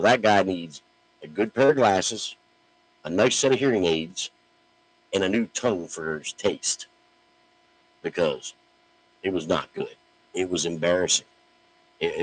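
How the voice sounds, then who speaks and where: Deep-voiced and poorly recorded, a middle-aged man cuts an online wrestling promo as a blunt rant to camera. He's profane and brash and often stammers as each sentence begins.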